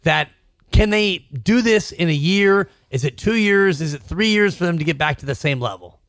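A man's voice: high voice, expressive, moderate pace, creaky, a bit bright, no room sound, clean studio sound. A middle-aged man co-hosting a podcast, making jokes and wordplay in casual sports talk. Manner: jokey, wordplay-loving. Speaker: podcast co-host.

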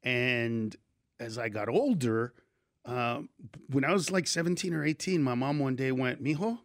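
A man from Honduras, a stand-up comedian guest on a radio show, chatting casually and telling animated stories full of acted-out quotes. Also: medium pitch, unhurried. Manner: animated storyteller who acts out quoted voices. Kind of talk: casual radio interview chat.

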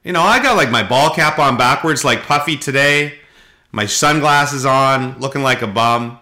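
A middle-aged man hosting a casual podcast, telling rambling anecdotes full of halting fillers. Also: medium pitch, pushed and bright. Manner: rambling storyteller, frequent halting fillers, does voices in anecdotes. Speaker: podcast host.

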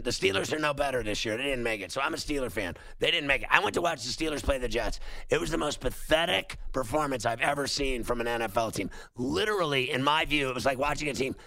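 A man's voice: medium pitch, creaky, sharp tone, dry recording. A man hosting sports talk radio, ranting with sarcastic, emphatic outbursts. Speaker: sports talk show host.

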